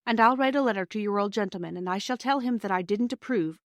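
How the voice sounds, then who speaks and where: A woman voicing a gentle but firm mother who speaks softly and low. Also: fast, dry recording, clean studio sound, lightly acted.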